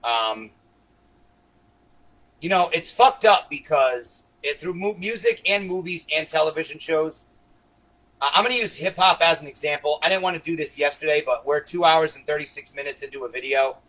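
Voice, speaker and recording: A man's voice: a little high, moderate pace, fairly bright tone, rough recording. A man hosting a long livestream, talking straight to his viewers in a profane, rambling, conspiratorial monologue. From United States. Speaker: livestream host.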